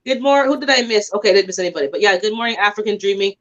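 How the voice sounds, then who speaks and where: A woman's voice: mid-range voice, very fast, a bit bright. A woman chatting casually on a livestream, greeting viewers as she talks. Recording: dull lo-fi stream audio.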